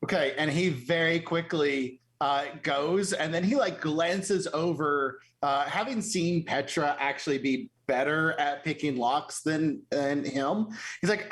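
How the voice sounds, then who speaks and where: A man plays a tabletop game, describing his character's actions. His voice sits on the higher side. He sounds eager, and laughter keeps breaking into his lines. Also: a little slow, few pauses, fairly bright tone. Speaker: player.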